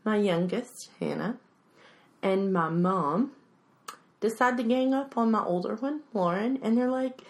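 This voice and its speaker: A woman in her forties in a casual chat, telling expressive stories about her family and quoting what they said. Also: medium pitch, normal speed. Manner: expressive storyteller, quotes family.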